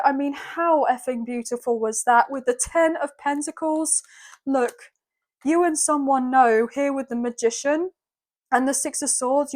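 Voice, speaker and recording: A woman with a notably high voice giving an off-the-cuff tarot reading, gushing and exclaiming as she goes. She rambles with lots of fillers and keeps her delivery emotional and heartfelt. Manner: effusive and emotional, exclaiming often. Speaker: tarot reader. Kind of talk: spontaneous tarot reading to camera.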